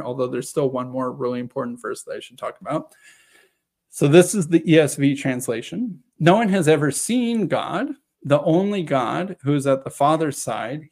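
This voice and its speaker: A man giving an earnest, argumentative talk that explains a Bible passage, lecturing with quick asides. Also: on the high side, a little mellow. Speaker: religious presenter.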